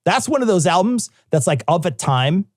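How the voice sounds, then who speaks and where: A man's voice: high-pitched, sing-song, moderate pace, no room sound, studio quality. A man co-hosting a podcast, chatting loosely, laughing and swearing freely. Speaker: podcast co-host. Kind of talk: casual chat.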